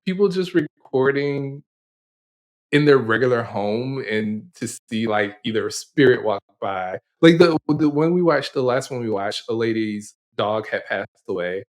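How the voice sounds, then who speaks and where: A man co-hosting a podcast in casual chat, who laughs often and tells animated, rambling stories. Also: medium pitch, unhurried. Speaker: podcast co-host.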